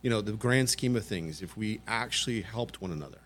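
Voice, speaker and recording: A man's voice: fairly low pitch, fairly quick, fairly bright tone, a little hiss or hum. A man co-hosting a podcast, talking earnestly and a little hesitantly in casual chat. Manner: earnest, hesitant, repeats words. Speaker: podcast co-host.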